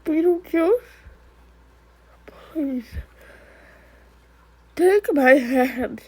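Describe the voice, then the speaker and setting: A woman's voice: sits high, expressive, extremely slow, mellow, a little hiss or hum, heavily acted, low-quality recording. A woman voicing a worried mother who pleads with and scolds her stubborn ghost child in a one-person amateur drama. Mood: tender pleading.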